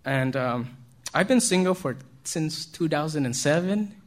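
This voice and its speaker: A man's voice: fairly high pitch, lively intonation, a little slow. A man giving an informal sermon to young people, keeping it conversational and checking in with his listeners as he goes. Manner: conversational, keeps checking in with "right?"; chuckles between points. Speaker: youth speaker.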